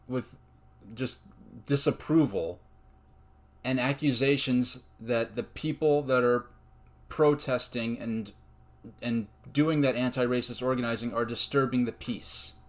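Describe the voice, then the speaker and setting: Man, personal commentary, slow and deliberate delivery, earnest, mid-range voice. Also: medium pitch. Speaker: video essayist.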